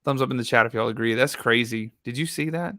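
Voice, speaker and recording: A man's voice: mid-range voice, fast talker, no room sound, studio quality. A man hosting a live true crime reaction stream, talking bluntly to his chat. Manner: loud, blunt, talks to chat.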